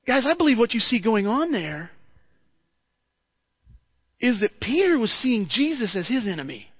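A man's voice: very high-pitched, big pitch swings, normal speed, husky, dull audio. A man preaching a sermon in a conversational way, asking his listeners rhetorical questions and often repeating words as he restarts.

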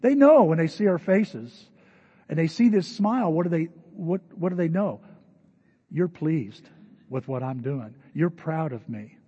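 A man's voice: fairly high pitch, animated, measured pace, mellow, slightly rough. An older man preaching a sermon in a conversational, storytelling way, addressing a church congregation. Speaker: pastor. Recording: dull lo-fi recording with long hall reverb.

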